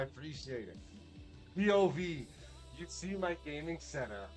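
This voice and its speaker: A man's voice: fairly high pitch, sing-song, a little slow, faint music behind. A man chatting casually on a livestream, laid-back and swearing freely, often restarting his sentences. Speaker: streamer.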